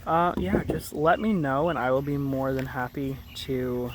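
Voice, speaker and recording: A gardening vlogger gives a casual, chatty tour of his outdoor garden, rambling and often correcting himself mid-sentence, in an unhurried, medium-pitched voice with fairly even intonation. The recording picks up outdoor noise, birds and rural ambience, and he is sometimes far from the mic.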